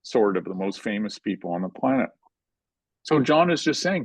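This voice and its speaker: An older man, a filmmaker, telling animated stories in an interview and acting out the quotes. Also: medium pitch, normal speed, no echo, rough recording. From Canada. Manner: animated anecdotal storytelling, acts out quotes. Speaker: guest filmmaker. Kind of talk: storytelling in a conversational interview.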